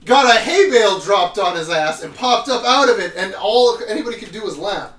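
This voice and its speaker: Brief: high-pitched guy on a podcast, rambling and cursing, in an echoey room a bit off the mic. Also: lively intonation, a little fast, fairly bright tone, distant mic. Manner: rambling, swears often, trails off mid-sentence. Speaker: podcast co-host. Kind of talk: casual chat recapping episodes.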